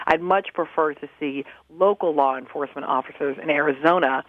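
Woman, professor, phone-line sound, dry, thoughtful, halting with fillers. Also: sits low, dry recording. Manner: thoughtful, many ums and uhs, restarts. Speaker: professor and guest commentator. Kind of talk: phone-in interview answers. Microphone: telephone.

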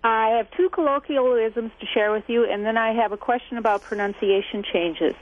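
A woman calling in to a radio show, chatty and quick to laugh as she shares a question. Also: fairly high pitch. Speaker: caller. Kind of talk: call-in chat. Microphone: telephone. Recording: tinny phone line.

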